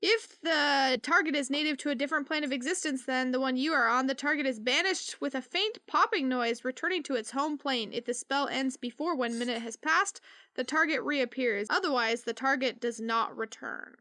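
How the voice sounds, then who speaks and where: A woman player in a tabletop game, reading spell rules aloud briskly. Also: high voice, sharp tone, no room sound, studio quality.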